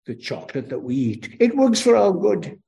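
A man's voice: sits high, sing-song, moderate pace, creaky, dark tone. An older man from Wales with a Welsh accent, preaching a children's sermon with emphatic call and response.

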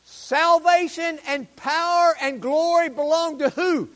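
Brief: preacher, man, very high and lively voice, exuberant sermon, long reverb of a church hall. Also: slow pace, hardly any pauses. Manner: exuberant, rising to loud proclamations. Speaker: pastor. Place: church sanctuary.

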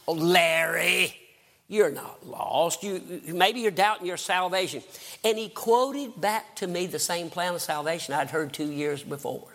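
An older evangelist preacher from the American South delivers a fervent sermon about his own conversion, rising to emphatic outbursts. His high voice is expressive, gravelly, and sharp, at a moderate pace.

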